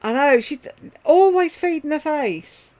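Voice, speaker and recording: Her voice is high and darkish, with lively intonation and a slightly slow pace. Streaming from home, she hosts a casual chat, calling viewers by name and drifting from one thing to another.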